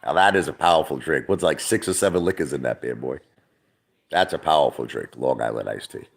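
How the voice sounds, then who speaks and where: A man's voice: very deep voice, brisk, gravelly. A middle-aged man from Brooklyn, rambling and swearing in a casual livestream chat, repeating himself as he talks. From Brooklyn, New York. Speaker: livestream host.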